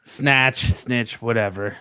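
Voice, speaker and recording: A man's voice: mid-range voice, takes it slowly, sharp tone, clear, resonant tone, dry recording. A man co-hosting a casual podcast, reading news stories aloud and riffing loosely on them.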